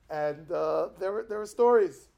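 A man teaching a lively Torah class, an animated storyteller who chuckles and drops asides. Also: high voice, unhurried, vocal fry.

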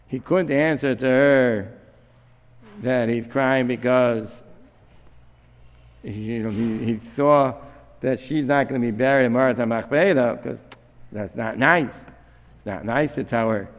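A man's voice: medium pitch, unhurried, pauses often. A man giving a religious study lesson, thinking aloud, asking questions and often restarting his sentences. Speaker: Torah teacher. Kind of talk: Talmudic-style study lesson. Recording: long hall reverb.

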